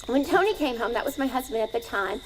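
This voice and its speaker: Middle-aged woman, high voice, live outdoor storyteller, conversational. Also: animated, fast, noisy background. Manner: conversational, asks the audience questions.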